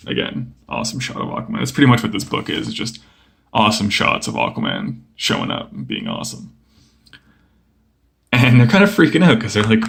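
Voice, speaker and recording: A young man casually flipping through a comic book and chatting about each page, relaxed and rambling with lots of fillers. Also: lowish voice, a little fast, vocal fry. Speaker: comic book video host.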